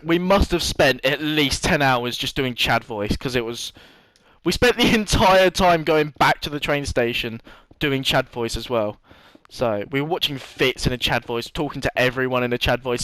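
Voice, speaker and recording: A man's voice: medium pitch, a bit bright, dry recording, low-quality recording. A young man telling a long rambling story to his vlog audience, swearing freely and laughing often. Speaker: vlogger. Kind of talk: casual storytelling monologue.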